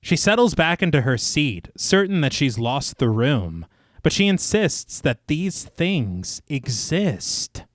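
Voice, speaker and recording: An animated man recaps a horror film as a podcast co-host, speaking slowly in a dry, clean studio recording. His scripted narration is dramatic and dotted with casual asides; he lowers his voice for movie quotes and laughs at his own jokes.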